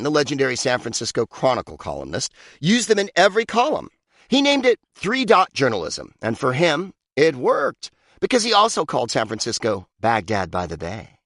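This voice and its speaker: A man's voice: medium pitch, a bit bright, dry recording, clean studio sound. A man reading his own comic book aloud, sardonic and mock-pompous, with big swoops for emphasis. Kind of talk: comic audiobook narration.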